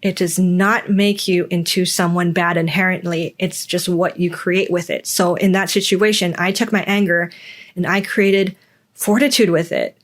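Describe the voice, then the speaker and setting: A woman's voice: on the low side, steady tone, moderate pace. A woman hosting a personal podcast, speaking earnestly and emphatically in a reflective monologue, repeating words for stress. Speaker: podcast host.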